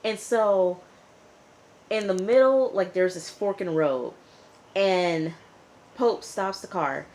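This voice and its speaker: A woman's voice: medium pitch, slow, long pauses, darkish tone. A woman casually recapping a TV episode, chatty, with lots of fillers. She talks back to the characters as she retells the story. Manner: chatty, lots of "you know" and "like". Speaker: TV reviewer.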